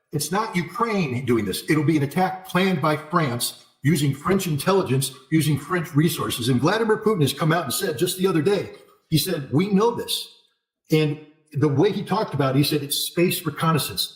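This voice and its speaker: Male commentator, a touch high-pitched, driving hard, repetitive points in a roomy space. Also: animated, a little fast. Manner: forceful, repetitive emphasis, sarcastic asides. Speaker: interview guest, military commentator. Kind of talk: emphatic political commentary. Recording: echoey room.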